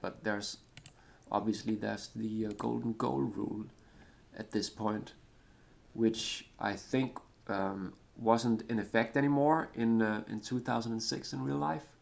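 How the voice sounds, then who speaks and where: A man's voice: fairly low pitch, vocal fry. A Danish man, whose first language is Danish, casually commenting on a retro football management game, rambling and hesitant with many fillers and a self-deprecating manner. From Denmark. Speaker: gaming commentator. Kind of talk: casual let's-play commentary.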